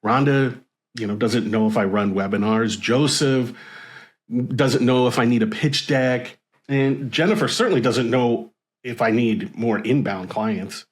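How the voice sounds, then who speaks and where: A man reviewing sales messages to camera in an animated, wry and sarcastic way. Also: mid-range voice, unhurried. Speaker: marketing video creator.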